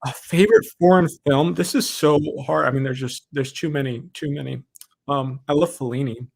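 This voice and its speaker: A man's voice: mid-range voice, fairly even intonation, normal speed, vocal fry, no room sound. A man hosting a casual question-and-answer chat, rambling and joking with many hesitations. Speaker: channel host.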